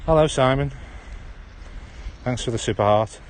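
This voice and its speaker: A man from Stoke-on-Trent, England, hosts a casual walking livestream through an outdoor park on a handheld phone, chatting in a rambling way and dropping his H's in his Potteries accent. He has a medium-pitched voice, talks at normal speed, and slight background noise is audible.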